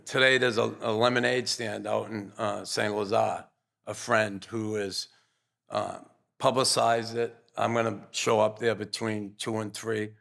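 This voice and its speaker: A man's voice: fairly low pitch, little pitch movement, unhurried, creaky, a bit bright. An older man, a podcast guest, telling earnest, rambling stories in a casual interview. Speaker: guest, former pro hockey player.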